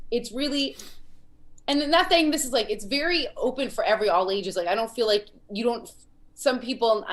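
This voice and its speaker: Woman host giving encouraging feedback. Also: mid-range voice. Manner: warm praise, rambling with fillers and restarts. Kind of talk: encouraging comedy feedback over a video call. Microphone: video call.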